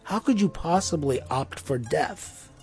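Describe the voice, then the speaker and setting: A man's voice: on the high side, lively intonation, a little slow, creaky, darkish tone, husky, soft background music. A man giving a reflective sermon in a conversational way, with asides and restarts. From Armenian community in the US. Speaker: pastor.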